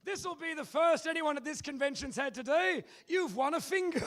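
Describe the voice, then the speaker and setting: An Australian man hosting a live comedy game show on stage, loud and playful, bantering with the crowd. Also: very high voice, fairly quick, slight background noise. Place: live convention stage with audience.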